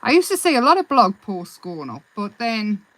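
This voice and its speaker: A woman with a slightly high voice hosts a live craft session. She chats casually and rambles a little, breaking off to answer viewers' comments. Her tone stays relaxed and self-deprecating. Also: normal speed, no echo, low-quality recording. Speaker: craft livestream host. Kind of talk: live craft demonstration and chat.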